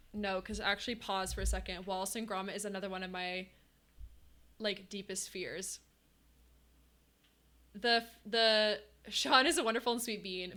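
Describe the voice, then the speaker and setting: Bright, animated young woman streamer. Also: fairly high pitch. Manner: animated, talks to chat, laughs often. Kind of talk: casual live-stream chat.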